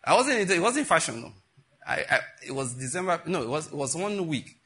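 A man preaching with a bright, forceful voice that has a husky edge. He sits a little high for a man and tells his stories with animation, slipping into the voices of the people he describes. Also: brisk. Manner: animated storytelling, acts out quoted voices. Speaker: pastor. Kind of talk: sermon with personal stories.

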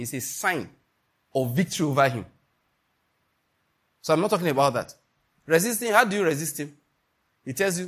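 A middle-aged Nigerian man preaches with a husky, slightly high voice. He is emphatic, keeps asking his listeners whether they follow, and acts out little everyday scenes. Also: a bit bright. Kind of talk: sermon.

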